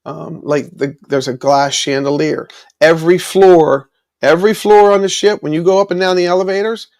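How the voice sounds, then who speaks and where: A man's voice: a little high, creaky, a little mellow. A man hosting a live stream, chatting casually with viewers, with many fillers and restarts. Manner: reads and answers viewer chat.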